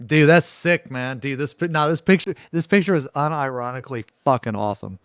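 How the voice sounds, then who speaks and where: Man, 40s, streamer, high-ish voice, excitable, profane, rambling. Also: brisk, smooth, faint music behind. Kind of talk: casual live-stream reaction chat.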